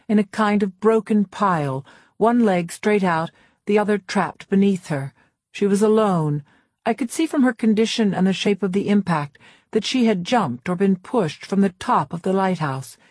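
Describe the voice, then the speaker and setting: A woman narrating a novel in the first person, in a measured, reserved way. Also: medium pitch, a little mellow, dry recording, studio quality. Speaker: audiobook narrator. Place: recording studio. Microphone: close studio mic.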